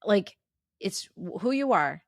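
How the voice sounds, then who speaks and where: A middle-aged woman chatting as a podcast guest, animated and acting out her own inner voice. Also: medium pitch, unhurried, dry recording, studio quality. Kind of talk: casual interview chat.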